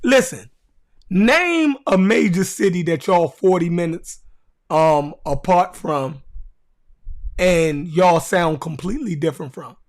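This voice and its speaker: A man's voice: high voice, lively intonation, takes it slowly. A man with a Baltimore accent hosting a podcast, telling stories in a casual, slangy way and often checking in with "you know what I mean.". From Baltimore, USA. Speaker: podcast host.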